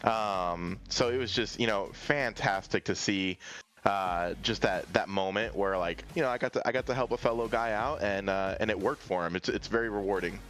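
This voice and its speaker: A man's voice: lowish voice, normal speed, fairly bright tone. A man talking as a racing driver in a casual post-race interview, hesitant, with many fillers and restarts.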